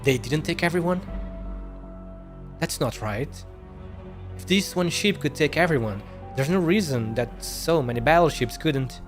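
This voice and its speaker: A man's voice: a little high, expressive, measured pace, long pauses, music in the background. A male streamer reading game dialogue aloud, stumbling over words and correcting himself as he goes.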